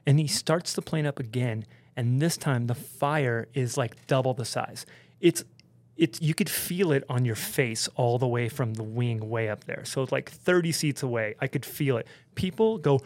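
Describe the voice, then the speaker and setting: Animated man telling a wild story. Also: medium pitch, normal speed, no echo. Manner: animated, swearing, heavy use of "like" and "dude". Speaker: podcast guest, pro snowboarder. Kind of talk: casual storytelling.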